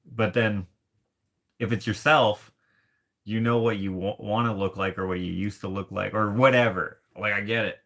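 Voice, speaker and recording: Male artist vlogger, lowish and bright-toned, rambling and self-deprecating. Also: fairly even intonation, normal speed. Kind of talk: casual rambling vlog chat.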